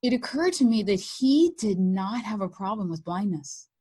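A woman speaking in an ordinary middle register tells her own story as an interview guest. She is animated and candid and slips into other people's voices when quoting them. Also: medium pitch, moderate pace, slightly rough. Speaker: guest, mother of blind sons.

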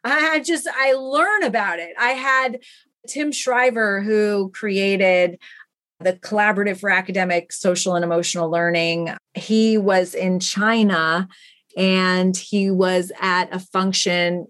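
A woman guest on a podcast, telling stories in an earnest, animated way about the work she does. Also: fairly low pitch. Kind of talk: enthusiastic interview talk.

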